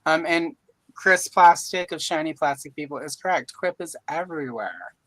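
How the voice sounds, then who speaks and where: A woman's voice: deep voice, lively intonation, moderate pace, fairly bright tone, no room sound, rough recording. A woman from Louisiana hosting a casual live-stream chat, joking and rambling with self-deprecating asides. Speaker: host. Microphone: video call mic.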